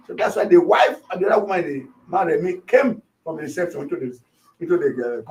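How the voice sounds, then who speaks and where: A man, a pastor, retelling a shooting and acting out the shouts of the people around him. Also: sits high, fast talker, vocal fry, distant mic. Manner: animated, acts out shouts of others. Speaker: pastor, interview guest.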